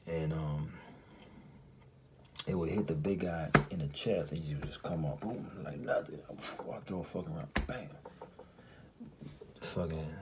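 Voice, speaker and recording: A man telling a story in casual, profane, rambling speech, often asking "you hear me?" and dropping into a hushed half-whisper. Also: very deep voice, measured pace, long pauses, very noisy. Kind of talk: casual spoken recounting of a dream.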